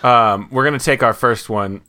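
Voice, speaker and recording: A man hosts a casual podcast, teasing his brothers and riffing on silly topics. His voice is bright and crisp, and he often lets lines trail off into low mumbles. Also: moderate pace. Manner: playful, jokey, drops to mumbles. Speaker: podcast host. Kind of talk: casual banter among brothers.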